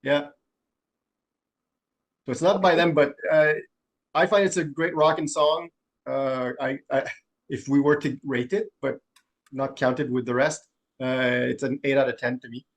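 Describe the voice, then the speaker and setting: Hesitant man co-hosting, halting. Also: mid-range voice, steady tone. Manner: hesitant, many fillers and restarts. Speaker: co-host. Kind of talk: casual chat.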